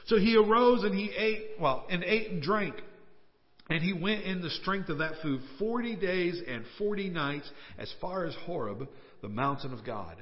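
A pastor delivering a conversational, emphatic sermon in a church. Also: male voice, high voice, expressive, normal speed. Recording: reverberant hall, dull lo-fi sound.

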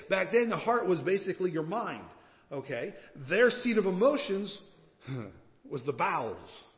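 A male pastor preaching a sermon, chatty and joking, building to fervent declarations. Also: on the high side. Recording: dull sound with long hall reverb.

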